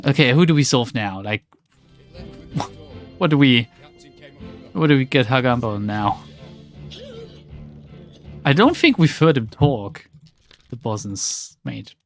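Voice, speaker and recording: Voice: medium pitch, big pitch swings, slow pace, long pauses, faint music behind. Sarcastic, exasperated game streamer. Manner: exasperated, sarcastic, swears often. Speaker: let's play streamer. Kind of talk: casual game commentary.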